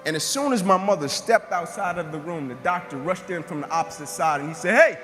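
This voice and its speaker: A man's voice: a little high, brisk, fairly bright tone, big-room sound. A man giving a motivational speech, telling his own story in an emphatic, repetitive way and acting out the dialogue. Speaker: motivational speaker. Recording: music bed under the voice.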